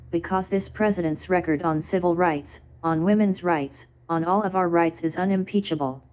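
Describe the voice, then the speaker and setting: A woman in her thirties, a defense lawyer, giving a formal speech to a legislative chamber with a measured, rhetorical cadence. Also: lowish voice, a little mellow. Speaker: defense lawyer addressing the Senate. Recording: dull lo-fi archival broadcast.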